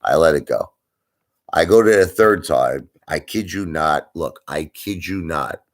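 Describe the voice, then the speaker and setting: A man hosting a live stream, telling a story in a casual, animated way, with plenty of swearing and repetition for emphasis. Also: a bass voice, measured pace. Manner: animated, profane, repeats himself for emphasis. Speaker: livestream host.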